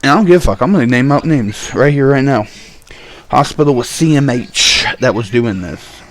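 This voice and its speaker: A young man in full rant mode, telling his story with angry, animated energy and a steady stream of swearing. His voice sits at an ordinary middle pitch for a man, and he talks straight to the camera like a vlogger venting. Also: normal speed.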